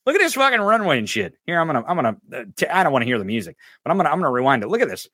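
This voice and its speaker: Very fast and very animated, this podcast host speaks in a fairly high, bright, forceful voice over a clean studio recording with no echo. He delivers a profane, mocking political rant and singles out someone in the chat by addressing them head-on.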